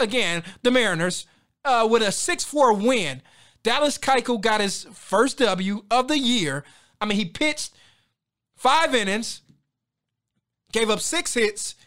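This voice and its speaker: A man hosting a sports podcast in energetic, slangy casual talk, hooting and hyping his team. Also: extremely high pitch. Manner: energetic, slangy, shouts and hoots.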